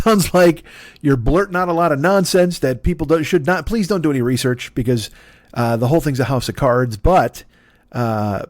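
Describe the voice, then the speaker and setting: A man's voice: fairly high pitch, a little mellow, dry recording. Male comedy podcast host, solo monologue, sardonic and profane; dry, close sound.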